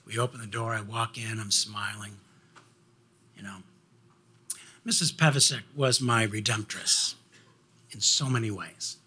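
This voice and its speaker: A man telling a personal story in an animated way, laughing often and restarting his sentences. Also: fairly low pitch, measured pace, long pauses, slightly rough.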